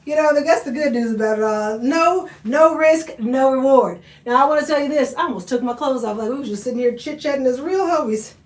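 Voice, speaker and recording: A woman's voice: high-pitched, fairly quick, hardly any pauses, darkish tone, distant mic. A woman hosting a live thrift try-on, chatting folksy with viewers, laughing and calling them honey and y'all. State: out of breath. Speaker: thrift haul livestream host. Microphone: camera mic, often stepping away from it. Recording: echoey room, voice often off-mic.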